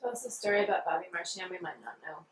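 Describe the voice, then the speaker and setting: A woman interviewing a musician, asking short questions in a soft, prompting manner. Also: on the low side, lively intonation, very fast. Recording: distant and echoey with faint background noise.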